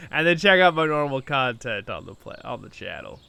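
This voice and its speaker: A man's voice: medium pitch, moderate pace, creaky, clean tone. A sleepy man hosting a gaming channel, chatting casually at his computer into a new microphone and chuckling often. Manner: relaxed and rambling, chuckles often. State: sleepy, just woke up. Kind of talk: casual gameplay commentary. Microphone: new desktop microphone.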